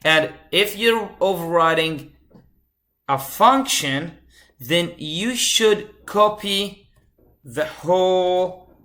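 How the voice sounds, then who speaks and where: A man's voice: high-pitched, sharp tone. A man instructor giving a live coding lecture, repeating key phrases and asking the class questions. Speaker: computer science instructor.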